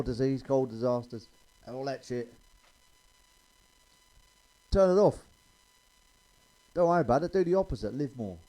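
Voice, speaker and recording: A man's voice: medium pitch, mellow, low-quality recording. A man telling blunt, sweary stand-up jokes in a chatty way. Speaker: stand-up comedian.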